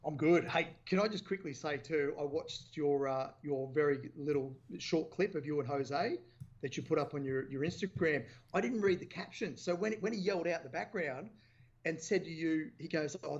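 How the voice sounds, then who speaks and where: Higher-voiced man, muffled line. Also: moderate pace. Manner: easygoing, talks through details. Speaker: co-host. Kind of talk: casual chat. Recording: muffled lo-fi remote audio.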